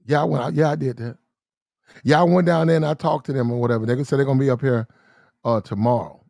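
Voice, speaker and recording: A man's voice: medium pitch, vocal fry, no echo, studio quality. A man in a casual monologue, rambling and repetitive in slangy street talk, often acting out heated arguments. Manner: quick shifts into acted-out shouting arguments.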